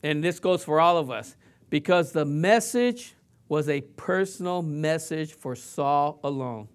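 A pastor with a noticeably high, smooth voice preaches a little slowly, talking to his congregation loosely and conversationally. He asks them questions and mimics sounds and voices to drive his points home.

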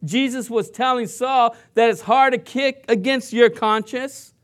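A man preaches a sermon with a noticeably high voice. He talks to the congregation in a loose, conversational way and asks them questions. He also mimics sounds and voices to drive his points home. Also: steady tone, unhurried. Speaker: pastor.

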